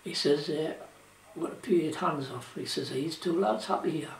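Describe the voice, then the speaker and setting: Speaking with vocal fry at normal speed, an older Geordie man from South Shields, England, his voice on the high side, recounts his working life as a shipwright for an oral history. His stories ramble in casual dialect full of "you know" and "like," captured off-mic on a distant mic with roomy echo and slight background noise.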